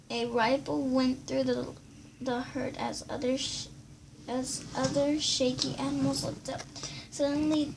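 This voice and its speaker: A woman reading a children's book aloud, stumbling and restarting now and then, in a creaky voice over steady background noise. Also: high-pitched. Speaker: reader.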